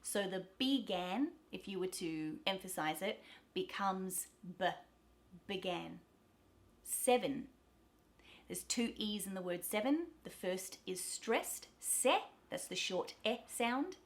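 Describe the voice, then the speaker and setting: Australian woman, pronunciation teacher, slow deliberate pace, repeats each word. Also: medium pitch, expressive. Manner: demonstrates words slowly, repeating each several times. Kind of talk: pronunciation lesson.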